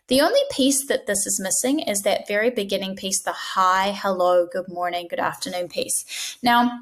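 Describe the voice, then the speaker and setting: A woman teaching front-desk staff how to answer the phone. She talks directly and with emphasis, often acting out sample greetings in a brighter voice to show what works and what falls flat. Her pitch sits in the middle. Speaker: dental practice trainer. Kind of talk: instructional talk.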